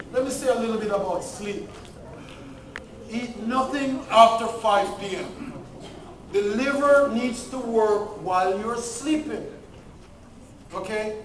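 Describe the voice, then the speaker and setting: High-voiced man lecturing in an echoey hall. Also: far from the mic, slight background noise. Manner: emphatic, repeats key points, asks the audience to follow. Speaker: health lecturer. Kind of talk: church health lecture.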